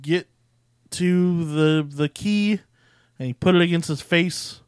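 A man co-hosting a podcast, chiming in with relaxed, wry comments during a casual movie chat. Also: on the high side, slow, clean tone, dry recording, studio quality. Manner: relaxed, adds wry comments and agreeing murmurs. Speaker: podcast co-host.

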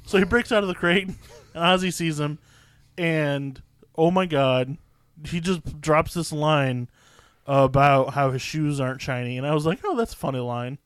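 A man's voice: fairly high pitch, moderate pace, clean tone, no echo. A man in his thirties co-hosting a podcast in casual chat, cracking dry, sarcastic jokes. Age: 30s. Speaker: podcast co-host.

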